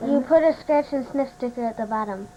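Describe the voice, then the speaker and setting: A woman with a high voice tells simple jokes to her family at a holiday gathering. She keeps breaking into little chuckles as she tells them. The sound is dull home camcorder audio with a faint hiss underneath. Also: fairly quick, mellow. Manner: chuckling through her punchlines. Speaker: relative telling jokes at a family party. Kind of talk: casual joke telling.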